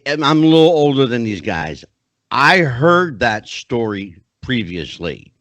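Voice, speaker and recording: A man's voice: on the high side, a bit bright, dry recording. A middle-aged man hosting a podcast interview, chatty and often rephrasing himself. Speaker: podcast host.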